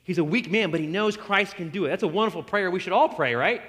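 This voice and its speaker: A man preaching a sermon in an animated way, acting out quoted voices and often restarting his sentences. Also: high voice, fast talker, hardly any pauses, big-room sound.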